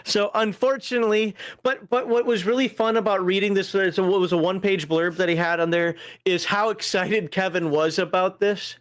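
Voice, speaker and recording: A man co-hosting a relaxed tabletop gaming talk show, rambling with frequent laughs and fillers. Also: high-pitched, a little fast, hardly any pauses, no echo, studio quality. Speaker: podcast co-host reviewing a tabletop magazine. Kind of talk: casual chat.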